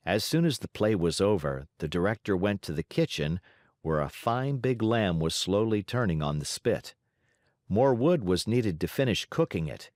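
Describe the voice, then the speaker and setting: A man narrating a classic children's story as an audiobook, in an expressive, varied delivery. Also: lowish voice, moderate pace, no room sound, studio quality.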